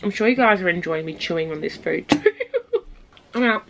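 A woman's voice: lowish voice, moderate pace, noisy background. A young woman chatting casually in her vlog, rambling, swearing and giggling. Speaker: vlogger.

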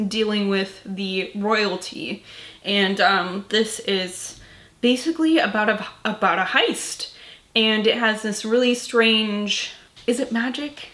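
A woman's voice: medium pitch, fairly bright tone, echoey room. A woman vlogging about books in a casual chat, tired and rambling, swearing casually and filling her talk with "like" and "um". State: tired, yawning. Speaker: book vlogger.

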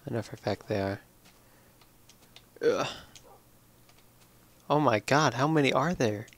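A tired young man slowly rambling through casual commentary on his own game. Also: medium pitch, fairly bright tone. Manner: slow, drowsy, rambling. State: tired, yawning. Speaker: let's play gamer.

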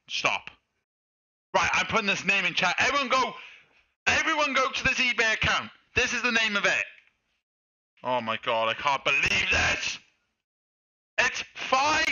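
A young man with a British accent, ranting at his livestream viewers in loud, exasperated outbursts. His voice sits high and swings wildly up and down, with a sharp, very bright edge. The audio sounds muffled and lo-fi. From United Kingdom.

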